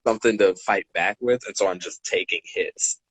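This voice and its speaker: A man in his twenties co-hosting a podcast, telling stories in a casual, animated way and acting out the dialogue. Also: lowish voice, moderate pace, slightly rough, dry recording, low-quality recording. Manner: animated, acts out dialogue, laughs between lines. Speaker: podcast co-host. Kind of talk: casual storytelling chat.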